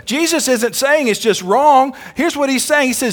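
Male pastor, sermon in church, high voice, asks the crowd for amens. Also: fairly bright tone. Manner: calls out for amens, slows down for emphasis.

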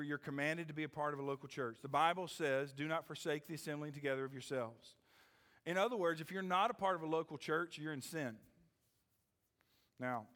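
A middle-aged man preaching a sermon as pastor, swinging from loud rising questions to hushed lines and checking in with "okay?" and "amen?". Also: a little high, in a large hall. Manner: repeats "okay?" and "amen?" to the congregation.

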